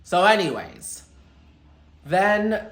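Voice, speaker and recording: A young man chatting through a casual storytime vlog, animated and quick to quote people. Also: high-pitched. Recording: echoey room.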